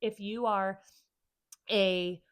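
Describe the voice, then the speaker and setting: A woman's voice: medium pitch, fairly even intonation, extremely slow, clear, resonant tone, dry recording. A woman in her forties giving candid, earnest advice in a casual vlog from home. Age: 40s. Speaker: vlogger and therapist.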